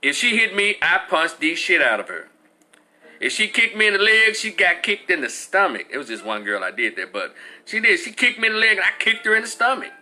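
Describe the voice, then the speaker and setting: A man in his forties telling a story as a profane, animated rant, acting out other people's voices. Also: sits high, fairly quick. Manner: animated, acts out voices, swears freely. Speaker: commentator.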